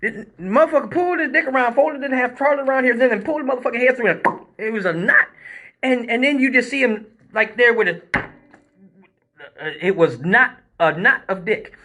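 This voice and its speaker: A man with a high voice tells a crude story on a live stream. His tone is bright and forceful, and his talk is loose and profane. He acts out the action with sound effects and jumps in pitch. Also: expressive, a little fast. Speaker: male exotic dancer, live-stream host. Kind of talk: comic storytelling, casual chat.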